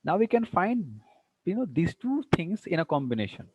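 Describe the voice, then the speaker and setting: A university English lecturer with a high-sitting, slightly mellow and slightly rough voice teaches online, very animated but at a moderate pace. The audio is dull with no echo, and he patiently repeats examples using exaggerated rising and falling tones plus lots of "you know" and "see."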